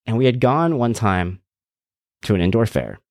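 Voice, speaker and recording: A middle-aged man hosting a podcast, telling a family story in casual chat and acting out the voices with big jumps in pitch. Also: very animated, moderate pace, dry recording, studio quality. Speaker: podcast host.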